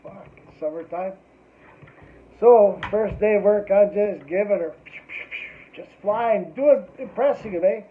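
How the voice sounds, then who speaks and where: A man's voice: high-pitched, a little slow, slight background noise. A middle-aged man telling a rambling, profane anecdote in casual chat, ending his lines with "eh". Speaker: storyteller. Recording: tinny phone-like sound.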